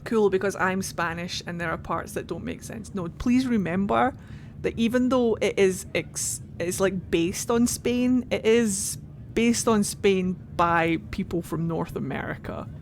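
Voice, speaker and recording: A woman's voice: mid-range voice, a little slow, a little hiss or hum. A young Scottish woman streaming a game, chatting casually and animatedly, laughing often and swearing now and then. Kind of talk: casual gameplay commentary.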